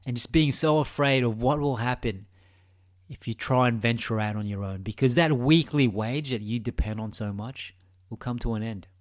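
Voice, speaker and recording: A man's voice: medium pitch, normal speed. A man with an Australian accent, a gaming video creator giving a rambling, mock-philosophical monologue that teases the viewer.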